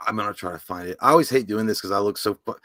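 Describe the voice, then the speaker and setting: Male co-host, lively joking delivery, bright tense tone, dry close sound. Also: on the low side, rapid-fire, no echo. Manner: joking, animated. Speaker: podcast co-host. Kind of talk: casual live-stream chat.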